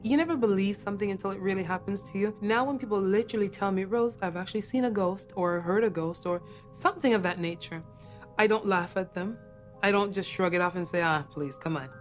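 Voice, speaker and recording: A woman's voice: medium pitch, fast talker, faint music behind. A woman who works as a caregiver, earnestly recounting a ghost encounter and repeating herself for emphasis.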